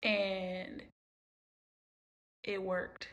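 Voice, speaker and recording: A woman's voice: mid-range voice, completely flat delivery, very slow, a bit bright, highs cut off. A young woman hosting a podcast, telling a long story in a rambling, emotional way and repeating herself. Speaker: podcast host. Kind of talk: casual storytelling monologue.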